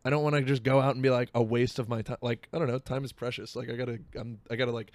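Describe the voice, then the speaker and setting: A man hosting a casual podcast chat, a stand-up comic who riffs in a profane, rambling way. His voice sits at a middle pitch. It is recorded dry, with hardly any room sound. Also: level tone, fast, a little mellow, no room sound.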